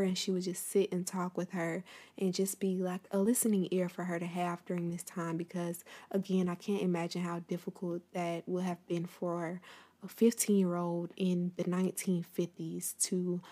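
A woman with a lowish, mellow voice tells her listeners about a piece of history in a casual, direct way, then reads a passage from a book aloud.

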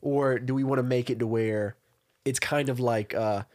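A man's voice: mid-range voice, steady tone, moderate pace, a little mellow. A man co-hosting a podcast, enthusiastic and musing in casual brainstorming chat. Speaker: podcast co-host.

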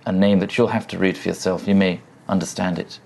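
A man playing a tabletop game, speaking in character in a measured, formal way. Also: sits low, steady tone, creaky, background noise. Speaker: player.

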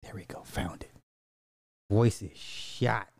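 A man's voice: fairly low pitch, slow pace, creaky, no room sound, clean studio sound. A man, reacting to music clips in casual commentary, blunt and petty, drawing out repeated words. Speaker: reaction streamer.

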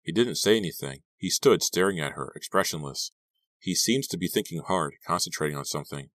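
A man narrating an audiobook in an even, steady storytelling voice. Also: low voice, fairly quick, no echo.

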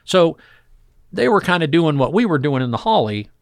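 Gravelly man telling fishing stories. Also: on the high side, moderate pace, dry recording, clean studio sound. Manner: animated storyteller acting out voices in quotes. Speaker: fishing guide. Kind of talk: storytelling interview chat.

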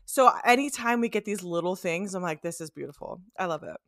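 A woman co-hosting a podcast in casual chat, animated and swearing freely as she quotes people. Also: lowish voice, a little fast, dry recording, studio quality. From United States. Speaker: podcast co-host.

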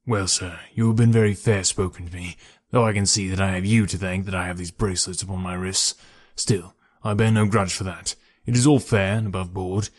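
A man reading the part of a bitter, defiant middle-aged ex-convict, speaking with passion, in a low voice. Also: steady tone, fairly quick. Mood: calm.

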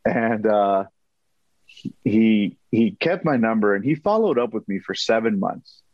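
A man telling a story as an interview guest, animated and acting out quotes, often repeating himself. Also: lowish voice, measured pace, no room sound, muffled recording.

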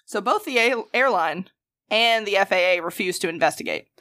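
A woman's voice: medium pitch, expressive, normal speed, pushed and bright, no room sound. Laid-back Southern woman, dry humor. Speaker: podcast co-host. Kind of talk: casual chat.

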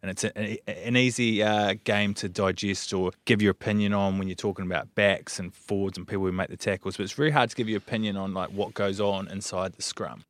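A man's voice: lowish voice, fairly even intonation, fairly quick, hardly any pauses, no room sound. A man with an English accent hosting a rugby podcast, teasing his guest, laughing often and asking probing questions. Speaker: podcast host, interviewer. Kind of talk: casual interview. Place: small studio.

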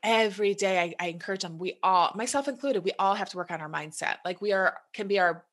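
A woman's voice: medium pitch, fast talker, fairly bright tone. A woman in her thirties or forties from the United States, a health coach talking earnestly with many "you know"s in a casual podcast chat.

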